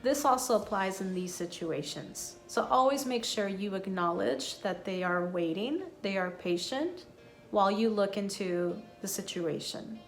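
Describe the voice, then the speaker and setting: A woman teaching English in a calm, clear, unhurried way, carefully modelling phrases for her learners. Her voice sits at a middle pitch. Faint music plays behind her. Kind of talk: online English lesson.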